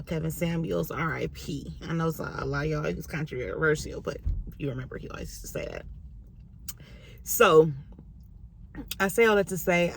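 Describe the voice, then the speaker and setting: A young woman vlogging casually to camera from her car, speaking candidly and emotionally with animated swings in pitch. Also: a little hiss or hum. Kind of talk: casual chit-chat to camera.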